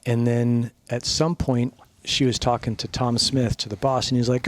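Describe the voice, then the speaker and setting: Animated man telling stories, dry sound. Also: medium pitch, normal speed, hardly any pauses, no echo. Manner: animated, swears freely, acts out quotes. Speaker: podcast guest. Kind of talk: casual storytelling chat.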